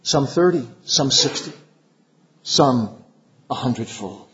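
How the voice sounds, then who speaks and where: A man preaching a sermon to fellow ministers, earnest and measured, his voice sinking low at the end of phrases. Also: animated, a bit bright. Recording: dull lo-fi recording.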